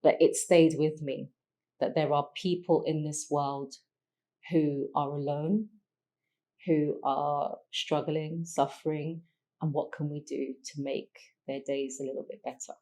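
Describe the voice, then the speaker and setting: Brief: middle-aged woman, guest telling her life story, low voice, halting and reflective. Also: fairly even intonation, dark tone. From London, England. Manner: reflective, halting, with many restarts and pauses. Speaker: podcast guest. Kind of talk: emotional personal storytelling.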